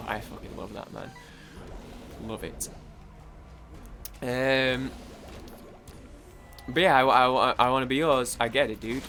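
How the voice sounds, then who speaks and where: A young man streaming games from Manchester, England, chats in a Mancunian accent, rambling, stammering, repeating himself and cursing freely. His medium-pitched voice is steady, pushed and bright, and he speaks slowly with frequent pauses over faint music.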